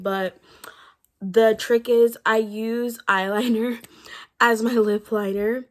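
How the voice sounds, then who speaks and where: Young woman, fairly high voice, slightly breathless, casual rambling chat, vlogger. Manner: chatty, rambling with fillers and restarts.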